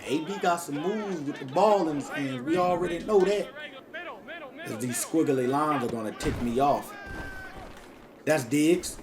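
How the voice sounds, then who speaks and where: A man doing casual, hyped commentary over his own video game, talking straight to his viewers in slangy speech. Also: medium pitch. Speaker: gaming YouTuber.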